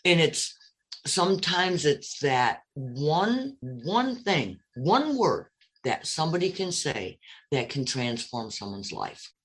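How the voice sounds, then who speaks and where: A man's voice: on the high side, big pitch swings, slow, fairly bright tone. Reflective man musing, hesitant and searching. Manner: reflective, hesitant, many fillers and restarts. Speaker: roundtable guest. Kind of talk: casual online group chat.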